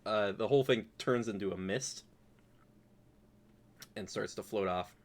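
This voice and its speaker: A man's voice: fairly low pitch, measured pace. A man narrating a tabletop game as dungeon master, describing the action with many fillers.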